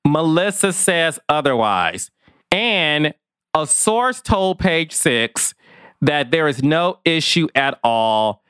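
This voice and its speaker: A middle-aged man giving chatty, expressive reality-TV commentary, with sassy asides. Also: mid-range voice, clean tone, no room sound, clean studio sound. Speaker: commentator, former field producer. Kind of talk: casual reality-TV commentary to camera.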